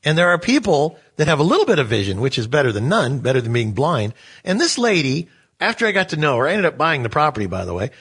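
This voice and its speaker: A man chatting casually as a co-host, telling animated stories and acting out the people in them. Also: on the high side, fast talker, slightly rough. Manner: animated, acts out voices in his stories. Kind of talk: casual storytelling chat.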